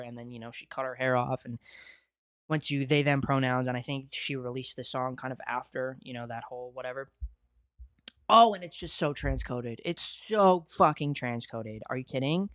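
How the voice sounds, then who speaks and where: A young man hosting his own podcast, talking in a casual, excitable and profane way and gushing about favorite songs. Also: medium pitch, dry recording, studio quality. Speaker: podcast host. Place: home studio at a desk.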